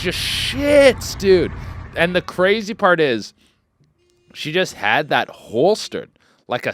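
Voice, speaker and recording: A man hosting a comedy podcast, rambling and swearing freely, with loud excited outbursts. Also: a little high, slight background noise. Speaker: podcast host. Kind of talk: casual comedic podcast chat.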